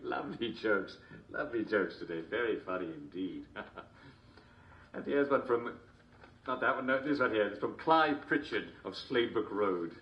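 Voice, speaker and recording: A man's voice: fairly low pitch, animated, normal speed, dull audio, slight background noise. A man playing a jovial, constantly chuckling TV host, mock-cheerful and smarmy. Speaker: show host. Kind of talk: comedic character monologue.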